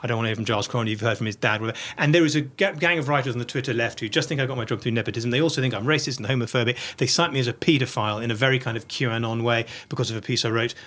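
A man's voice: medium pitch, rapid-fire, hardly any pauses, fairly bright tone. A middle-aged man talking as an interview guest, blunt and profane, tumbling over restarts as he speaks. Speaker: podcast guest. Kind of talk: candid interview conversation.

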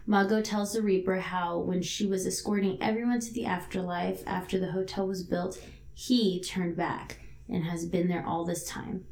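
A woman co-hosting a casual chat, recapping a drama episode in a relaxed way with casual swearing. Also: fairly low pitch, moderate pace, vocal fry. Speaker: podcast co-host recapping a TV drama.

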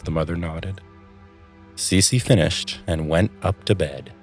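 A man narrating a story aloud in a calm, measured reading voice. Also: low voice, faint music behind.

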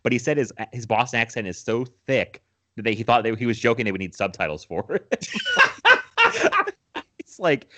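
A man's voice: medium pitch, wildly swooping pitch, normal speed, long pauses, pushed and bright. A young man co-hosting a podcast, chatting casually about movies, rambling with restarts and laughing often. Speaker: podcast co-host.

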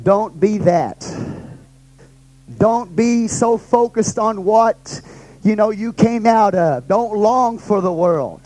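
A man's voice: high-pitched, slow pace, warm tone, rough recording. A middle-aged male pastor teaching a Bible study, emphatic and repetitive, often checking in with rhetorical questions.

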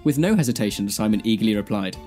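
A man's voice: lowish voice, fast talker, soft background music. A man, a podcast co-host, reading a fan fiction aloud. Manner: deadpan reading, breaking into laughter.

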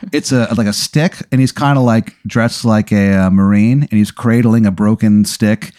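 A man with a lowish, dark-toned voice hosts a comedy podcast, improvising a rambling second-person story and swearing casually. He speaks at normal speed with fairly even intonation, in a dry, clean studio recording.

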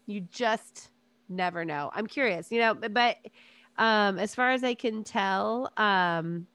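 A woman's voice: mid-range voice, fairly bright tone, no echo. A woman co-hosting a podcast, talking casually and rambling a bit, laughing at her own slips. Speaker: podcast co-host. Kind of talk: casual chat.

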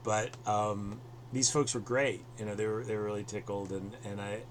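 A man's voice: lowish voice, flat delivery, moderate pace, noisy background. A man hosting a podcast over a video call, rambling with many fillers and restarts. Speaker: podcast host.

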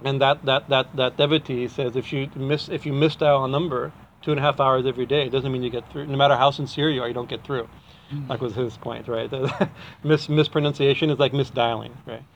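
A man's voice: mid-range voice, fairly even intonation, brisk, gravelly, dull audio, slight background noise. A man teaching in a chatty devotional talk, often restarting his sentences and chuckling as he explains. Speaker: spiritual teacher.

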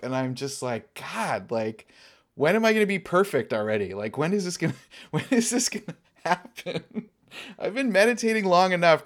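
A man, a Dharma teacher, giving a relaxed, conversational Dharma talk and laughing often. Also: mid-range voice.

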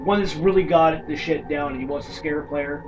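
A man chatting casually about tabletop horror games, an animated storyteller who swears freely. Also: on the high side, fairly quick. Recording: distant dull mic with faint background noise.

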